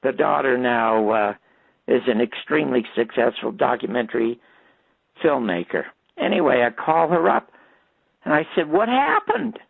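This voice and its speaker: An older man, a radio guest, telling stories in an animated way and acting out the voices he quotes. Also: mid-range voice, moderate pace, vocal fry, husky, dry recording. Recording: tinny phone line.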